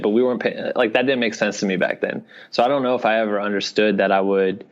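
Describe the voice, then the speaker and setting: A man's voice: lowish voice, steady tone, fast, few pauses. A man from Iowa, a guest in a casual podcast interview, talking in loose rambling runs full of fillers. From Iowa, US Midwest. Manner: loose rambling talk full of fillers, "you know what I mean". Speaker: guest, video director and creator. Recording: dull lo-fi podcast audio.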